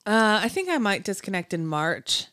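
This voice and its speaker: A woman's voice: medium pitch, very animated, moderate pace, fairly bright tone. A woman joining a casual podcast chat, answering in a dry, sarcastic, joking way. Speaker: podcast co-host.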